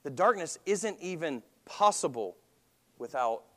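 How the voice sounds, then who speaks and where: A man's voice: fairly high pitch, animated, measured pace, a bit bright, long reverb tail. A man preaching a sermon as pastor, talking conversationally and asking the congregation questions.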